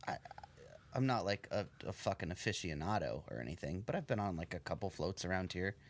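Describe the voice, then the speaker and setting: A man's voice: deep voice, lively intonation, brisk. A man in casual podcast chat, laid-back and profane, restarting his sentences.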